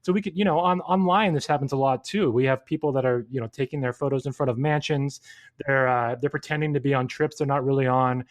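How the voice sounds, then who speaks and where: A man's voice: medium pitch, steady tone, quick pace. A man from California co-hosting a podcast, talking casually and often repeating words as he thinks. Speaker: podcast co-host. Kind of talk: casual chat.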